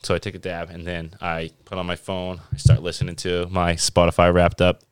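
Deep-voiced laid-back podcast host. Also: male voice, monotone, a little fast, smooth, no room sound. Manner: laid-back storyteller, swears freely. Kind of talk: casual chat.

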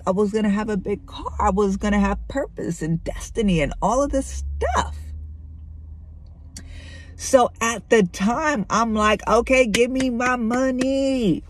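A woman's voice: medium pitch, darkish tone, breathy edge. A middle-aged woman speaking candidly and conversationally to her listeners, sharing a personal faith testimony. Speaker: Christian vlogger.

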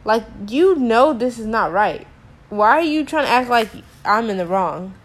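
A woman's voice: fairly high pitch, expressive, a little slow. A young woman telling a frustrating story to camera in a casual rant, exasperated and slangy, with many filler words. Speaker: teacher.

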